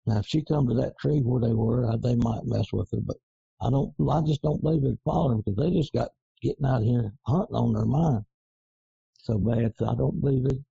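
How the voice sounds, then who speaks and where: A man, a coonhound breeder talking slowly and rambling in folksy dialect in a casual interview. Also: medium pitch, vocal fry, dark tone, slightly rough, no room sound, highs cut off. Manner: slow, rambling, folksy Southern dialect grammar.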